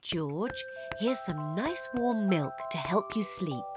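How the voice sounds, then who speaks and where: An actress playing a caring mother pig in a children's cartoon, speaking softly. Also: mid-range voice, animated, slow pace, music in the background. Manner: soft, caring.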